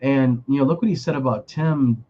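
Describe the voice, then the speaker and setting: A man of middling pitch co-hosts a casual chat show, talking emphatically and restarting his sentences often. His voice comes through muffled and lo-fi. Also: moderate pace. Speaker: podcast co-host.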